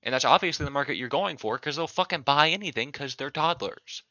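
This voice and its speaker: A man's voice: fairly high pitch, expressive, brisk, hardly any pauses, bright, forceful tone, no echo. Angry profane ranting man. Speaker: video creator. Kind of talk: comedic rant. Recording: dull lo-fi recording.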